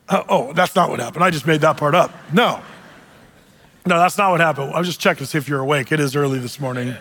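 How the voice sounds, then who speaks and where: Animated male preacher in echoing hall. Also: fairly high pitch, fast, breathy edge. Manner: animated storyteller, jokey asides. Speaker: pastor. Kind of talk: sermon. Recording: long hall reverb.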